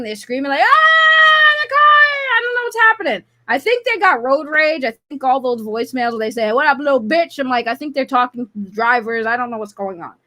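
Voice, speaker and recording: A woman hosting a casual live call-in stream, talking loudly and sassily, swearing, and rambling into her desk microphone. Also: high-pitched. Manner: loud, sassy and profane, with rambling rants. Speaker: live call-in show host.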